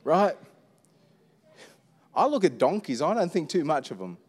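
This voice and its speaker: A middle-aged man delivers a sermon with a high voice and an easy, conversational manner. He keeps asking the room rhetorical questions. His voice carries a long reverb from a large church hall. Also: sing-song, unhurried, darkish tone. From Australia. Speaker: pastor.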